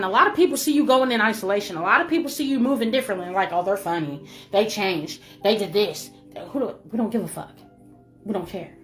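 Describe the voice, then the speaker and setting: Woman, higher voice, spiritual pep talk, swears a lot, repeats herself, faint music behind. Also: fairly bright tone. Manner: emphatic, repetitive, swears freely, calls listener baby. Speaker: spiritual reader. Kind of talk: motivational spiritual message to viewers.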